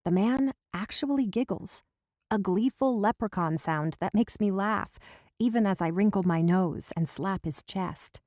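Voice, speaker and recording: A woman narrating a first-person romance audiobook in a lively, expressive, comic manner, recorded close in a studio booth. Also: medium pitch, a little slow, no echo. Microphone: close studio mic.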